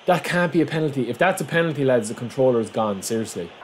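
Excitable man commentating his own football game. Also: medium pitch, fast talker, background noise. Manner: excitable, bursts into shouts at goals, addresses viewers as lads. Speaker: gaming YouTuber.

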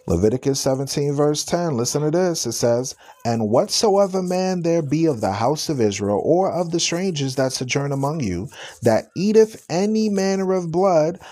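A man's voice: on the high side, mellow. Emphatic sarcastic male stream host. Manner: emphatic and sarcastic, repeats rhetorical questions, reads scripture slowly. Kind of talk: live-stream religious commentary with scripture reading.

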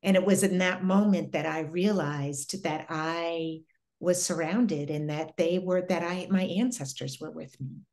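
A middle-aged woman with a fairly low voice tells a personal story as an interview guest. She talks earnestly and reflectively and often pauses and restarts her sentences. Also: fairly even intonation, darkish tone.

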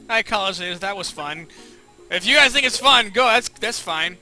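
A man's voice: high voice, animated, normal speed, pushed and bright, faint music behind. A man streaming a video game live, chatting casually and asking playful questions. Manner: chatty, quizzical, reading chat aloud.

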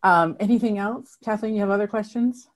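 A woman's voice: medium pitch, fairly quick. A woman who chairs a state party, answering members' questions on a video call in an earnest, emphatic way, with frequent ums and restarts.

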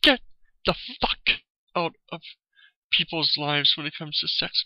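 A man's voice: a little high, moderate pace, dry recording, muffled recording. A man in an angry, profane video rant, repeating "you know" as he vents. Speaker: vlogger. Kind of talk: angry ranting video commentary.

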